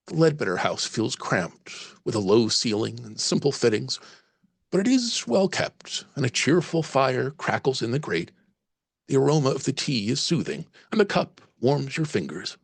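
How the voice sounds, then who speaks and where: A man's voice: medium pitch, very animated, normal speed, vocal fry, husky, no echo. A man narrating a solo tabletop horror game as game master, reading passages aloud and musing over the choices. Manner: reads aloud, then muses on choices.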